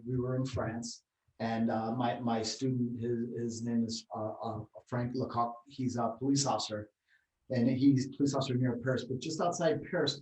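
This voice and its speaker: A man co-hosting a podcast, chatting in a halting way with repeated fillers. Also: mid-range voice, a little mellow, distant mic, slight background noise. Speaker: podcast co-host. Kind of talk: casual chat. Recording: echoey, off-mic.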